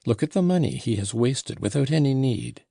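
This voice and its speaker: A man's voice: medium pitch, lively intonation, normal speed, gravelly, mellow, no echo, clean studio sound, pitched above the performer's own voice. A man reading a sullen, proud young male servant who talks curtly and disdainfully in an audiobook. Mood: scornful. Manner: curt, disdainful.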